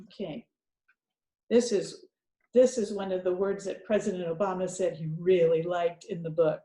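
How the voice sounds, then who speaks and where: A woman's voice: lowish voice, fairly even intonation, normal speed, dark tone, roomy sound. A woman teacher guiding young children through a reading lesson, thinking aloud in an encouraging way.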